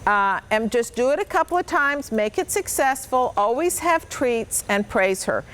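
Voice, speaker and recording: A woman's voice: fairly high pitch, expressive, moderate pace, fairly bright tone, clean tone. A woman dog trainer patiently coaching children, with upbeat, sing-song praise. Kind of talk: hands-on instruction to children.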